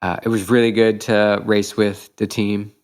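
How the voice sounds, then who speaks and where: Host type, middle-aged man, lowish voice, eager storyteller with a lot of "um"s. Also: flat delivery, normal speed. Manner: enthusiastic, reflective, many fillers. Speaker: podcast host, triathlete. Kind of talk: casual storytelling chat.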